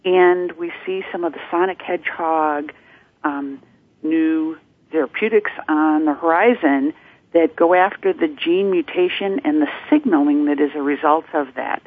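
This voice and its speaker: A woman guest speaks in a measured, informative way about medicine, her voice a little husky. She comes through a thin, tinny phone line. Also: deep voice, no echo. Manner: informative, measured, clinical terms. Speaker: guest from a support network. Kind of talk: radio interview.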